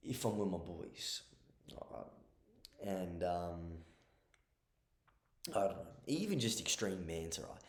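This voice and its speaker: A man talks through casual advice in a low voice, blunt and sweary, checking in with the listener over and over. The sound has a roomy echo around it. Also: expressive, slow pace, long pauses, fairly bright tone. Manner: blunt and profane, keeps checking in with "okay?". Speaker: advice vlogger.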